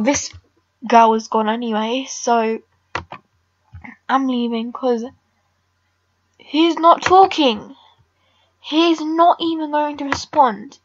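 A woman's voice: high voice, no room sound, dull audio. A teenage girl chatting casually over her game recording, rambling and blunt with lots of filler words. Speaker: gamer vlogger.

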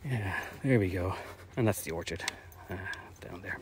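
A man's voice: sits low, moderate pace, noisy background. A man chatting casually outdoors while walking, a little out of breath, rambling with many fillers as he narrates a live stream. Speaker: orchard project owner streaming drone flights. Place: outdoors in fields.

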